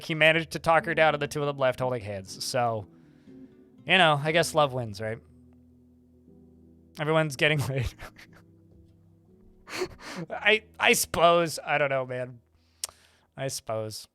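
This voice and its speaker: A male streamer telling a rambling, chatty story during a live game session, swearing casually and restarting his sentences. His voice sits a little high and has a bright, forceful edge. Faint music plays underneath. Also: measured pace, long pauses, clean tone.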